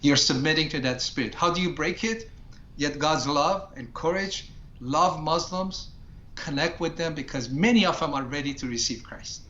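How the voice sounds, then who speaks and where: A man's voice: on the high side, moderate pace, sharp tone, echoey room, lo-fi sound. A man from Iran, a ministry founder, tells his personal testimony in a talk show interview in an earnest way and acts out his prayers.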